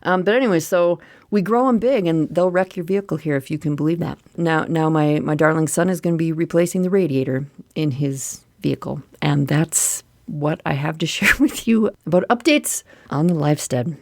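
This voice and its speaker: Lady podcast host, kinda low voice, chatty, laughs a lot, squeals high when excited, dry close mic. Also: normal speed, no echo. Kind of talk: casual solo podcast talk.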